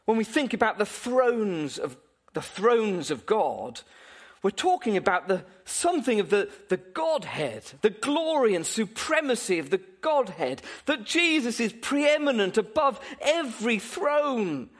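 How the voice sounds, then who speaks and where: A man preaching a sermon in a fairly high voice that swoops up and down with lively energy. He keeps asking the congregation questions, breaks into short chuckles, and restarts his phrases as he goes. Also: measured pace.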